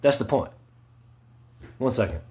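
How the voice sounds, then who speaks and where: A man in a rambling monologue, full of "right?" and "you know" fillers, swinging between low mutters and sharp emphatic spikes. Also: animated, measured pace.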